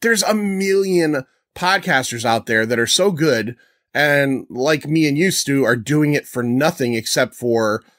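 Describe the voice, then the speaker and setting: A man's voice: mid-range voice, lively intonation, unhurried, fairly bright tone, no room sound, studio quality. A man hosting a podcast, chatting in a laid-back, rambling way. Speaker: podcast host. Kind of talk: casual chat.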